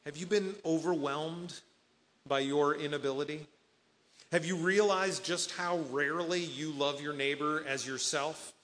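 A male pastor delivers an earnest sermon, quoting scripture and acting out the people in his stories. His voice sits a little high for a man and rings with the long reverb of a big hall. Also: fairly even intonation, a little slow, fairly bright tone. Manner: earnest preaching, quoting scripture and voicing imagined speakers.

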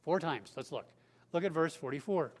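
A man's voice: a little high, lively intonation, moderate pace. A man preaching a sermon as pastor, conversational and emphatic, with casual asides. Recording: long hall reverb.

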